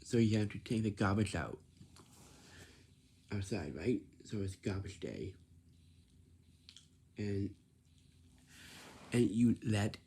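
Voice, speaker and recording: A man gives plain job-hunting advice in a slow, halting way, often restarting and repeating his phrases. His voice is low, gravelly and husky. He talks casually to the camera in simple words. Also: dark tone. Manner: simple, plain wording, lecturing tone.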